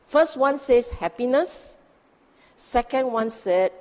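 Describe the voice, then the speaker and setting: A woman's voice: mid-range voice, very animated, slow pace, darkish tone. A woman teaching Buddhist scripture in a dharma talk, emphatic and asking her listeners rhetorical questions. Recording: long hall reverb.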